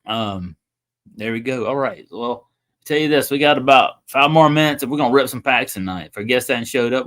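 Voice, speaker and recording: A man's voice: medium pitch, a bit bright. Chatty man hosting a livestream. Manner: rambling, chatty, talks to viewers. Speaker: livestream host. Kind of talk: casual livestream chat.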